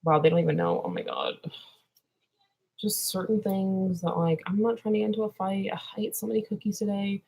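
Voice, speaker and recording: A woman's voice: medium pitch, fairly even intonation, brisk, vocal fry, darkish tone, husky. A woman vlogging in a clown persona, drifting earnestly from topic to topic and then turning silly. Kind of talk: rambling casual vlog.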